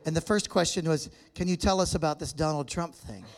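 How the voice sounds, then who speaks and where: His voice is a little high and he speaks fairly quickly. He is an American guest speaker in a church hall with a live audience, giving a casual, joking talk and chatting with the crowd.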